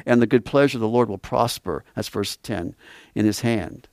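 A man's voice: lowish voice, expressive, slow, a little mellow, no echo, clean studio sound. A man preaching a sermon, reading scripture aloud and repeating key words with emphasis.

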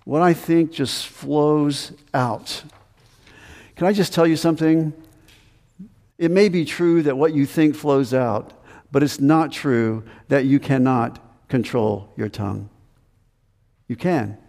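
A man's voice: medium pitch, a little slow, creaky, dark tone, in a large hall. A man preaching a sermon as pastor, earnest and emphatic, repeating his commands.

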